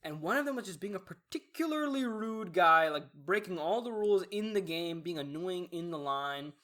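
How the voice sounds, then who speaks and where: Young man, slightly high voice, laid-back. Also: moderate pace. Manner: relaxed, reacts with short remarks, laid-back slang. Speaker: podcast co-host. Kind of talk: casual chat.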